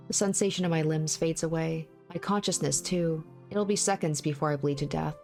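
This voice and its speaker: A woman reading a visual novel aloud in the first person, in a steady, measured way. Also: low voice, vocal fry, soft background music. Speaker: let's play narrator.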